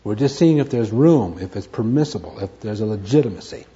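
A man leads a Bible study lecture, leaning hard on key words and repeating them for his listeners. His voice is mellow and dark, rising and falling with lively swings in pitch. The recording sounds dull and lo-fi. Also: a little fast. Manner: emphatic, repeats key words, asks and answers his own questions. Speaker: Bible teacher.

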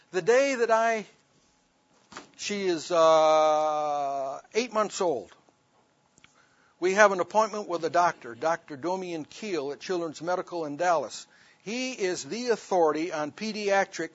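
A man's voice: sits high, no echo. A man preaching, telling a personal story in an emphatic sermon testimony, on a dull lo-fi recording.

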